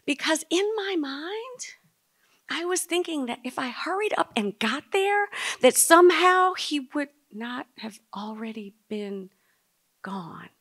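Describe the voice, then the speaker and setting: Bright, animated woman telling a story. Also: high-pitched, unhurried. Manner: dramatic, drops to a hush at tender moments; speaks directly to the audience. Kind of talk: live personal storytelling.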